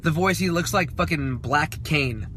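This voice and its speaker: A man co-hosting a casual talk show, telling a story in an animated way and swearing often. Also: on the high side, unhurried, a little hiss or hum. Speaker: podcast co-host.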